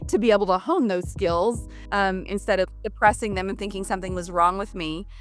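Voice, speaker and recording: A woman's voice: medium pitch, steady tone, fairly quick, faint music behind. A woman guest and parent in a casual interview, speaking in an earnest, reflective way and circling back to her points.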